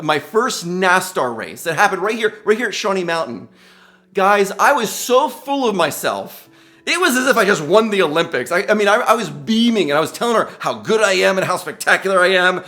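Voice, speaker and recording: A middle-aged man delivers a gushing, motivational commencement speech, exclaiming often and addressing listeners as guys. His voice is high and sing-song, brisk, with a sharp tone.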